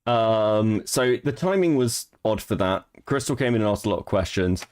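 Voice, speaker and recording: A man's voice: on the low side, moderate pace, a little mellow, smooth. A man co-hosting a live stream, chatting casually, swearing and laughing, often restarting his sentences. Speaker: stream co-host.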